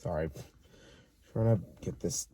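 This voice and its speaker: Hesitant young man with a dark voice. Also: low-pitched, measured pace, slight background noise. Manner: hesitant, rambling, lots of ums. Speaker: co-host. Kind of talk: casual movie review chat.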